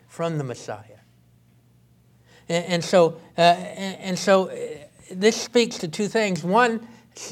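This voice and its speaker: A male pastor preaching a sermon in an earnest way, often halting and restarting his sentences. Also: fairly high pitch.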